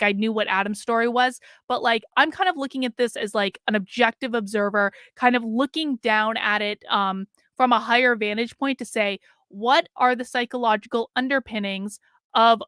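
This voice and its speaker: Blunt, bright-voiced woman livestreamer. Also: fairly high pitch, no echo, clean studio sound. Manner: blunt, conversational, many fillers. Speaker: livestream host. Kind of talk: livestream commentary reading chat.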